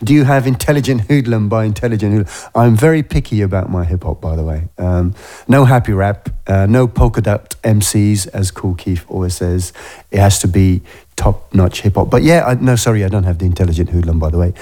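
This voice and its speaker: A man's voice: lowish voice, a little fast, mellow. A man hosting a radio show, chatting casually in a rambling way full of fillers, on a studio microphone.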